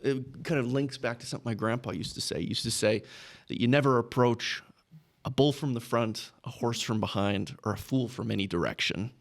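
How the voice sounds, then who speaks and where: Gravelly man telling a story. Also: mid-range voice, a little fast. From Texas. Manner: chuckles through anecdotes, tags lines with "right?". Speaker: podcast guest, business owner. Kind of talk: casual storytelling.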